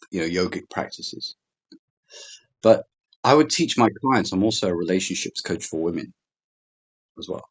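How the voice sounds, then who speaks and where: A middle-aged man, a relationships coach and interview guest, telling a personal story in an animated way, repeating words and quoting people. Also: deep voice.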